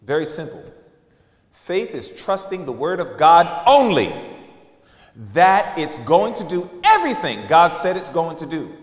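Man, preacher, sermon, acts out voices in stories, fairly high voice, roomy echo. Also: unhurried. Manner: lively storytelling with acted-out voices. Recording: echoey hall.

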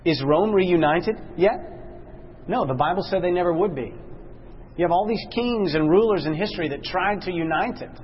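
Man teaching a lively Bible class. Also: lo-fi sound, slight background noise. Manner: questions the class, slows and drops low for emphasis.

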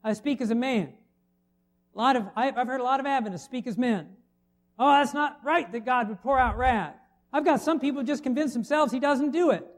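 A man's voice: extremely high pitch, a little fast. A middle-aged man preaching a sermon, conversational and full of rhetorical questions to the congregation. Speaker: pastor.

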